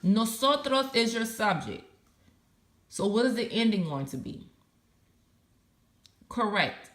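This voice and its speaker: A woman's voice: fairly high pitch, sing-song, slow pace, fairly bright tone, echoey room. A woman teaching a recorded Spanish lesson, patiently spelling out verb endings letter by letter.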